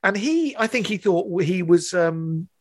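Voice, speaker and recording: A man in his fifties, telling a lively anecdote with laughter and British slang. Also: sits high, unhurried, a little hiss or hum. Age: 50s.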